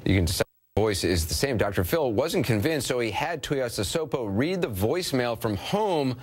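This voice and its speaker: A man's voice: medium pitch, very animated, moderate pace, husky. A man anchoring a TV news segment, asking direct, probing questions. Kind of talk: TV news interview.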